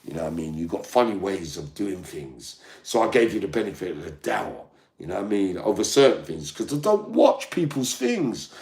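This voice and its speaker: Older man, combative and profane, ranting straight to his viewers. His pitch swings widely from low mutters to high shouts. The sound has a noticeable echo from the room. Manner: profane, combative, keeps asking "yeah?". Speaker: online channel host.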